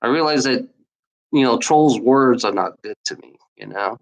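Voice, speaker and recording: A man's voice: medium pitch, expressive, moderate pace, rough recording. A man livestreaming alone, ranting at his chat trolls in a scornful, profane, repetitive way. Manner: profane, scornful, repeats himself, talks back to chat. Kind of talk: rambling livestream rant.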